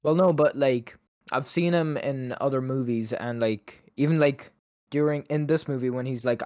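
A man's voice: mid-range voice, moderate pace, darkish tone, no echo, highs cut off. A man in a casual movie review chat, opinionated and chatty, with a lot of "like" between his words. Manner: opinionated, chatty, many "like" fillers.

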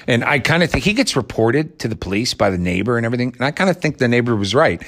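A man's voice: medium pitch, expressive, fast, hardly any pauses, a bit bright. A man giving a blunt, sarcastic film review monologue, firing rhetorical questions and answering them himself. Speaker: movie reviewer.

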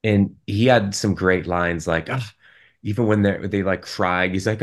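Low-voiced rambling man discussing films. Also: fairly even intonation, measured pace. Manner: rambling, restarts often. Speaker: podcast co-host. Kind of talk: casual film discussion.

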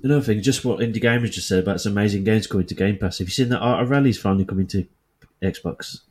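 A man's voice: on the low side, fast, a little mellow, slightly rough. A man with a Birmingham accent, chatting casually and teasing the others. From Birmingham, England. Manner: teasing, laughs a lot. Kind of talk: casual chat.

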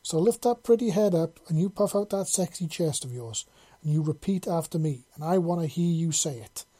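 A reader voices a fierce, foul-mouthed woman soldier who growls and barks orders like a drill sergeant. The voice is husky and mellow, medium in pitch, expressive, and moderately paced.

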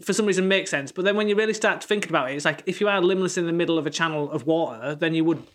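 A man's voice: fairly high pitch, rapid-fire, fairly bright tone. A man, co-hosting a casual music podcast, chatty and rambling, laughing often. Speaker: podcast co-host. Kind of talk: casual chat.

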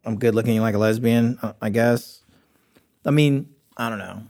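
A man's voice: mid-range voice, normal speed, darkish tone. A middle-aged man as a podcast guest, joking irreverently and rambling through casual chat with lots of restarts.

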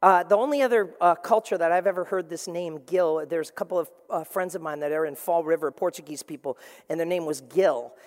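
A pastor preaches in a big hall where his voice rings with long reverb. Speaking briskly with a voice on the high side, he brings animated energy and playful asides, briefly imitating other voices to make his points.

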